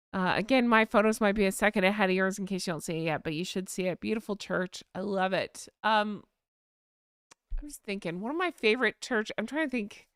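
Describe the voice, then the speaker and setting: A woman's voice: mid-range voice, clear, resonant tone, dry recording, clean studio sound. An American woman hosting a casual live chat stream, chatting and reading out viewer comments. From United States. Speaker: livestream host.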